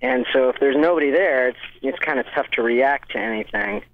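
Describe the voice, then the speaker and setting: A man's voice: mid-range voice, a little fast. A man, a guest actor, chatting casually and self-deprecatingly in an interview, with a voice he says sounds like a five-year-old with a cold. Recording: dull lo-fi sound.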